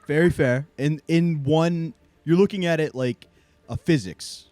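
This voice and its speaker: A man co-hosting a podcast, telling a story in a casual, animated way and acting out the other people in it. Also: fairly high pitch, unhurried, no room sound, faint music behind. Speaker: podcast co-host.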